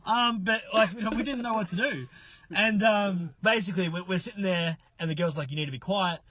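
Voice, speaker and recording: A man's voice: sits high, fairly quick, pushed and bright, slight background noise. A man telling a long story among friends, swearing, laughing and acting out other people's lines. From Australia. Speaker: mystery guest telling a story.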